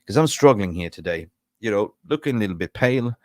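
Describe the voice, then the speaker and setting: Man hosting a football live stream; low, dry voice; rambling and frustrated, jokes between rants, shouts out to viewers. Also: expressive, quick pace, no room sound. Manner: rambling, chatty, reacting to viewer comments. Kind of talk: casual live-stream chat.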